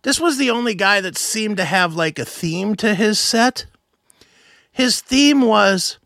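A man co-hosting a show, telling a story in casual chat, animated and swearing, acting out other voices. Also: high voice, a little slow, creaky, no echo, studio quality. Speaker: podcast co-host.

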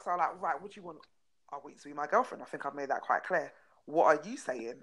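A young woman chatting on a podcast, frank and animated as she tells a story. Her voice sits a little low and she swears without a second thought. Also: fast, poor audio. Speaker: podcast co-host. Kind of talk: casual chat.

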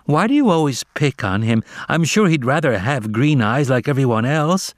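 A man's voice: mid-range voice, expressive, normal speed, no room sound, pitched above the performer's own voice, close to an everyday voice. A man voicing a sly, pampered female cat who coos in a falsely sweet voice. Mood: mock pity.

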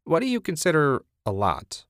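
A man's voice: lowish voice, animated, moderate pace, no room sound, clean studio sound. A man voicing an eager, car-crazy husband. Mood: excited. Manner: enthusiastic, defensive.

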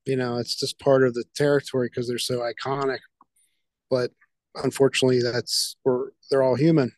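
A man co-hosts a podcast, speaking in a relaxed and reflective way with plenty of fillers. His voice sits in an average range. The recording is dry and close to the mic. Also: mid-range voice, moderate pace, no room sound. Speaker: podcast co-host. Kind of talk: casual podcast chat.

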